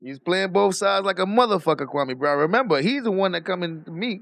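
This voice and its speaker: A man telling a story in a casual rant, profane and animated, breaking into laughter as he talks. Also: high voice, fairly quick, creaky, no room sound. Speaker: streamer.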